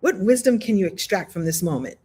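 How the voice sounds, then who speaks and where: A woman's voice: mid-range voice, animated, a little fast, warm tone, slightly rough. A woman hosting an online coaching workshop, telling stories with lots of animation, acting out voices and laughing often. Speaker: host of a coaching challenge. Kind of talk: live online workshop talk, storytelling. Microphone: video call.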